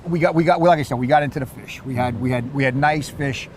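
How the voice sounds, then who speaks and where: A man with a New York accent, chatting casually about fishing and telling animated stories, repeating and restarting his words. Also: mid-range voice, fast, a little hiss or hum. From Queens, New York. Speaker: surf fisherman. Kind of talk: casual chat.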